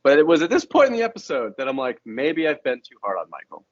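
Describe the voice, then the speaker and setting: A man co-hosting a podcast in casual, expressive chat. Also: medium pitch, fast, lo-fi sound, slight background noise. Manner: expressive, chatty, lots of fillers. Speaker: podcast co-host.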